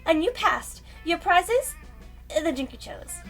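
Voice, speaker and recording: Woman doing a high-pitched flamboyant cat bartender. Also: big pitch swings, measured pace, soft background music, exaggerated voice. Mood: playful. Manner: theatrical, teasing. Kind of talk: reading a visual novel aloud.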